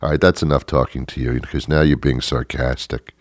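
Older male radio host, very low and dry, sarcastic and grumpy, rambling delivery. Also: steady tone, brisk, dry recording. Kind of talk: sarcastic solo radio monologue.

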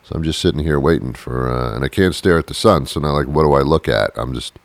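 A man delivering a rambling, deadpan comic monologue with mock-confused asides while sitting on a porch outdoors. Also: rumbling low, quick pace, gravelly, no echo. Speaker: comedian.

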